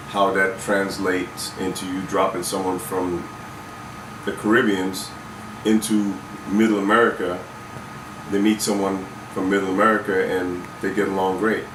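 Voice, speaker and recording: Man from Saint Croix, reflective and unhurried, low and even, heard from across an echoey room. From Saint Croix, US Virgin Islands. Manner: reflective, with many fillers and restarts. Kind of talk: casual conversation. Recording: roomy, from some distance, faint noise.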